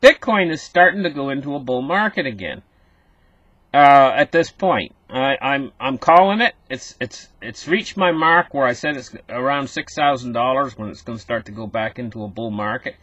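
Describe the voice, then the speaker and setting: A man's voice: medium pitch, moderate pace, fairly bright tone, no room sound, dull audio. A man hosting a casual market commentary, talking straight to his viewers and repeating himself as he goes. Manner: talks to viewers as "guys", repeats words, rambly.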